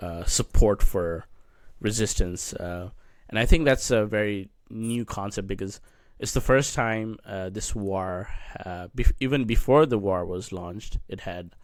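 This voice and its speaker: A man co-hosting a casual political discussion podcast, halting and searching for words as he talks. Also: fairly low pitch, no room sound, studio quality. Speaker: podcast co-host.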